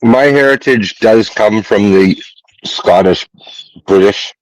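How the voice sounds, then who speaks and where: A man's voice: fairly low pitch, slow, no room sound, poor audio. A Canadian man in a casual conversation, explaining things patiently and laughing often. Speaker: host.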